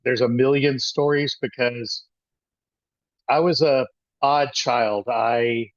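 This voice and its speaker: A man's voice: medium pitch, fairly even intonation, dry recording, highs cut off. Man in his sixties telling a rambling story. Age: 60s. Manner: rambling, halting with frequent restarts. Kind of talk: personal storytelling talk.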